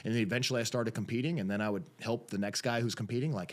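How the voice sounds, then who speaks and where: A man talks through his path into coaching and refereeing as a podcast guest. His storytelling is casual and animated. He keeps slipping into the voices of the people he quotes. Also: fairly low pitch, quick pace, few pauses. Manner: animated storyteller, acts out quotes, repeats phrases.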